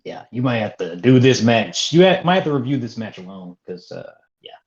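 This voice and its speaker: A man's voice: medium pitch, sing-song, a little fast. A young man co-hosting a casual wrestling review podcast, with a dry, mocking way of talking. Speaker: podcast co-host. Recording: dull lo-fi audio.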